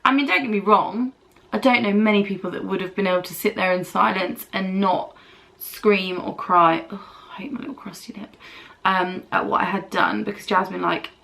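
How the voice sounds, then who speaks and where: A woman's voice: mid-range voice, fairly even intonation, moderate pace, creaky, fairly bright tone. A British woman vlogging casually at home while doing her makeup, telling a long, candid story while recovering from dental treatment. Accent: British English. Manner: chatty, candid, rambling storytelling. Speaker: beauty vlogger.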